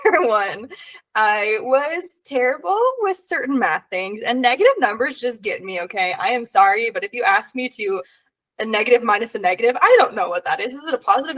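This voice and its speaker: A woman's voice: fairly high pitch, fairly bright tone, far from the mic. A young woman co-hosting a podcast in casual chat, telling stories and laughing often. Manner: giggly storyteller, laughs often. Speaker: podcast co-host.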